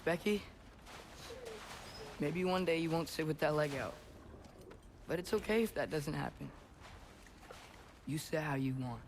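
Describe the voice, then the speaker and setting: An actor playing an earnest, gentle teenage boy in a game cutscene, soft-spoken and reassuring. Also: a little high, unhurried, long pauses, background noise. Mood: tender.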